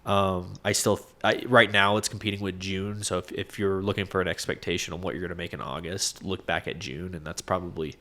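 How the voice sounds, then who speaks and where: A man with a deep, low voice that comes out nasal and congested from a stuffy nose. He talks in a relaxed podcast chat, giving plain practical advice as a co-host. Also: brisk, few pauses. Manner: plainspoken, advisory. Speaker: co-host, property manager. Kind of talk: casual business podcast chat.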